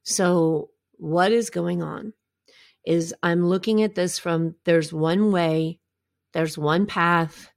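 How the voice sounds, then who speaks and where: Candid woman host, lowish voice. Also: steady tone, slow pace, gravelly, dry recording, clean studio sound. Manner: candid, conversational, often asks "right?". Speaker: podcast host. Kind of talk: personal storytelling monologue.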